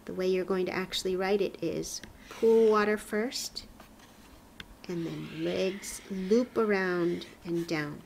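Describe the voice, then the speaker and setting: A woman teaching a Japanese lesson in a slow, clear classroom manner, patiently repeating each sound distinctly. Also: mid-range voice, a little hiss or hum.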